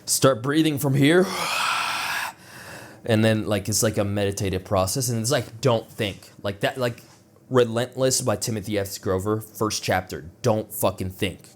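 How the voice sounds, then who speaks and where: At a moderate pace and fairly low pitch, a young man vlogs a personal story, rambling casually with lots of swearing and filler words. He chuckles at his own jokes and quotes the other people involved by imitating their voices.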